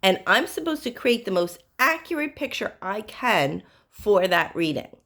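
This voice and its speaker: A woman's voice: mid-range voice, very animated, unhurried, fairly bright tone. A woman psychic medium giving spiritual advice to her viewers, telling stories in an earnest, direct way. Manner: earnest, storytelling, direct address.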